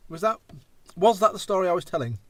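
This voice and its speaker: A man's voice: high voice, very animated, quick pace, dry recording. Rambling English man, casual chat. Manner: rambling, goes off on tangents, swears a lot. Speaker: podcast host.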